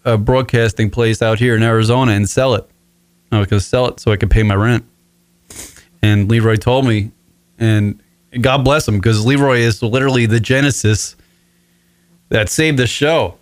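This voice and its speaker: A man's voice: medium pitch, smooth, no echo. Rambling, swearing man in his forties. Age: 40s. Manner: rambling, profane, emotional. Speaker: podcast host. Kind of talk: solo radio show monologue. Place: his own apartment.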